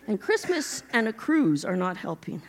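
A middle-aged woman preaching a sermon, animated and exhorting her congregation. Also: mid-range voice, normal speed.

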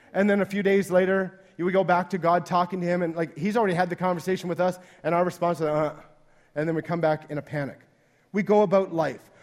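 Man, pastor, high voice, chatty sermon, acts out quotes. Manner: conversational, acting out quoted voices.

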